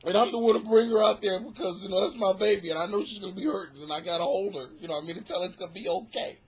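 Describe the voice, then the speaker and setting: His husky voice sits high and races along very fast as he hosts his own comedy podcast from a home basement. He rambles through a profane, lively monologue, cracking himself up with his jokes.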